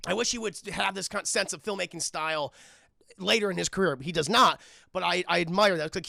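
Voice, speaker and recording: A man on a live stream giving a casual, profane, animated film recap and talking to his chat, at a desk microphone. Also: high voice, gravelly, no echo, clean studio sound.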